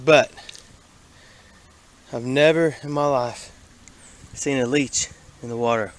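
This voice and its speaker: A man giving folksy, excitable commentary to a handheld camera as he metal detects in a creek, a bit out of breath. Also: mid-range voice, slow pace, long pauses, low-quality recording. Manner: excitable, folksy, talks to camera while working. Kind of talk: casual running commentary while detecting. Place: outdoors in a creek. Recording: outdoor camera audio with clear background noise.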